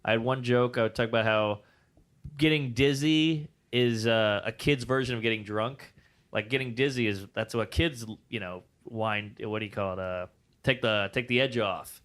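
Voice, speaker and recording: Man, comedian guest, casual interview, animated storytelling, swears, acts out quotes. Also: mid-range voice, normal speed.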